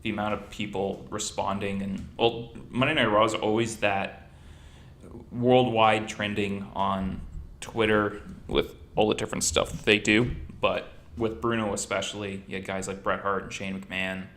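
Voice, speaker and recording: A man's voice: lowish voice, moderate pace, reverberant. A man hosting a podcast in casual chat, telling stories and joking. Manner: animated storyteller, jokey. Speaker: podcast host.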